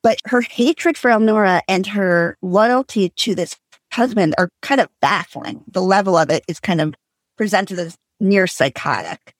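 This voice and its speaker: A woman's voice: medium pitch, a little slow, dry recording. A woman co-hosting a book discussion who talks in a thoughtful way with many hedging asides.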